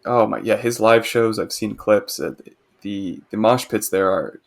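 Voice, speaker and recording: A man, co-hosting a podcast and excitedly presenting a music artist in casual chat. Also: on the low side, unhurried. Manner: enthusiastic, rambling with restarts.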